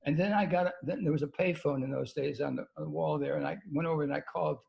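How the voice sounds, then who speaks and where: Gravelly older man telling a rambling story. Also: on the high side. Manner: halting, many restarts, casual swearing. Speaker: guest. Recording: dull lo-fi sound.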